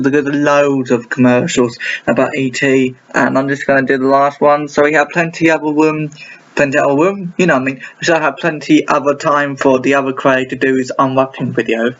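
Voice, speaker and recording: A man hosting a casual reaction video. He rambles, repeats himself and restarts halting sentences, and his voice sounds a little off today. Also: fairly high pitch, fairly bright tone. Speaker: reaction channel host. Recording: dull lo-fi with faint noise.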